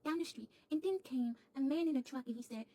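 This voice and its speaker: A woman's voice: sits high, fast talker, mellow, lightly acted. A woman voicing a sweet, chatty little girl doll who stammers and repeats her words as she tells a comic story to camera.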